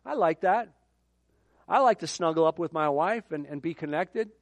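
A middle-aged man delivers a sermon in a casual, conversational way, breaking off into joking asides. His voice sits a little high for a man. The sound is dry and close, with no room echo. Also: animated, moderate pace. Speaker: pastor.

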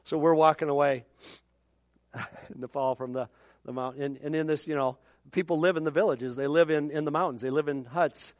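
A man from Minnesota preaching a sermon as the pastor, telling stories with animated, repeating delivery. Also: on the high side, fairly quick, no echo. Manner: animated storytelling with repeated words and acted-out quotes.

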